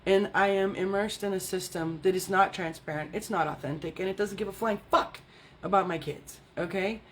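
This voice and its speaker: A woman's voice: medium pitch, fairly even intonation, normal speed, slight background noise. A middle-aged woman, an energy healing and fitness coach, talking candidly and bluntly with plenty of swearing, often checking in with "right?" and "okay?". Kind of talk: candid casual monologue.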